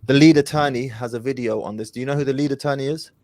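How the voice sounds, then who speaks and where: A man's voice: mid-range voice, quick pace, darkish tone, dry recording. A man hosting an advice call-in show, speaking confidently and directly, with Arabic phrases mixed in. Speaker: host.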